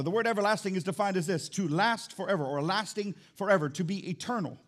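A man's voice: high-pitched, fast talker, hardly any pauses. A middle-aged man preaching a sermon in church as pastor, emphatic and repeating his key phrases.

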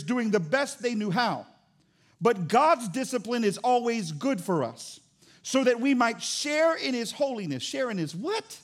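A man's voice: high voice, big pitch swings, normal speed. A man preaching a sermon as pastor, joking and acting out little asides as he goes.

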